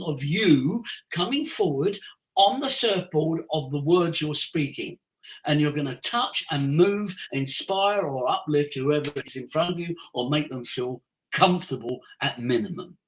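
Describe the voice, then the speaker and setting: A voice coach as a podcast guest, talking expressively with big swings in pitch and pace. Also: fairly bright tone, rough recording. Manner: acts out everyday scenes in changed voices. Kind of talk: podcast interview, coaching talk.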